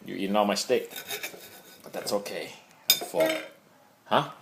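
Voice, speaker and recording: A man's voice: on the low side, unhurried, vocal fry, noisy background. A father chatting playfully with his young child over a meal at home, teasing and coaxing, recorded on a phone set on the table. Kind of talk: casual chat with his child during a meal. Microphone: phone propped up on the table.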